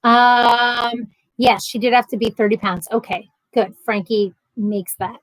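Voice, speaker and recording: A chatty woman in her thirties hosts a casual livestream from home, answering viewer comments as they come in. Her voice sits a little high and she rambles, breaking off with ums and quick restarts. The sound is close and dry, with no room around it. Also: little pitch movement, dry recording, low-quality recording. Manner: chatty, rambling, frequent ums and self-corrections. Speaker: livestream host. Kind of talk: casual live chat reading viewer comments.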